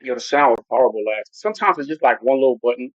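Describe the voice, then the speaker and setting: A man's voice: mid-range voice, animated, fast, no echo. A man hosting a casual football livestream who rambles loosely and talks straight to his chat. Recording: dull lo-fi home stream audio.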